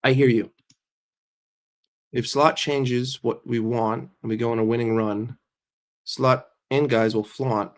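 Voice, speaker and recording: A man's voice: medium pitch, fairly even intonation, takes it slowly, long pauses. A man hosting a casual livestream while sick and congested, chatting with viewers, greeting them by name and often repeating himself. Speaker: livestream host.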